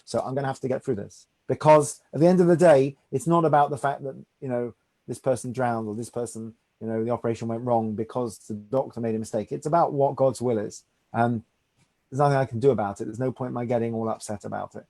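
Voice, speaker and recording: A man's voice: medium pitch, fairly even intonation, fast talker, warm tone. A man, a rabbi teaching a study class in a conversational way, often checking in with "right?". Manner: conversational, reassuring, asks "right?".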